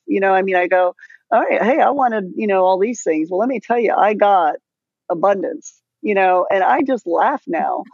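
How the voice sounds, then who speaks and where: A woman's voice: on the low side, gravelly, no echo. Chatty woman telling a story, dry lo-fi. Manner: animated storytelling, lively asides. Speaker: podcast guest. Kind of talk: casual podcast chat. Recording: dull dry lo-fi sound.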